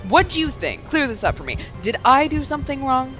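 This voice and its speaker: A woman puts on a worn-out, hot-tempered man who rants, curses and yells, his voice bright and edgy, lurching up and down in pitch. Game dialogue read aloud, with faint music underneath. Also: expressive, moderate pace. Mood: ranting. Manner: ranting, yelling, swearing. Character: exhausted, bitter, hot-tempered adult man.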